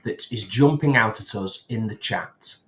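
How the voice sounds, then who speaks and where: A man's voice: lowish voice, unhurried, fairly bright tone, muffled recording. A man co-hosting a casual livestream, reading out viewer comments and chatting, with laughs along the way. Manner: chatty, laughs often, reads comments aloud. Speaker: co-host reading chat.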